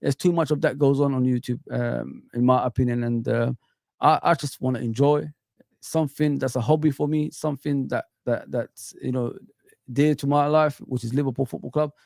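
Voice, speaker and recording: A middle-aged man hosting a football stream rants with passion, talking directly to viewers and chat and asking rhetorical questions. His mid-range voice carries vocal fry and a darkish tone, with fairly even intonation at a moderate pace. Studio-quality audio, no echo.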